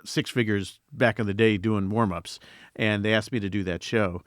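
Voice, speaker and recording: An older man hosting an interview, reminiscing in a lively way with quick reactions. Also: fairly low pitch, dry recording, studio quality. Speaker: host. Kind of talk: interview chat.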